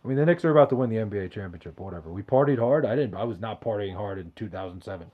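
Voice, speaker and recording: A man's voice: fairly low pitch, animated, rapid-fire, phone-quality sound. A man hosting a podcast, reading out chat questions in loose, profane, joking banter. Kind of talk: casual chat.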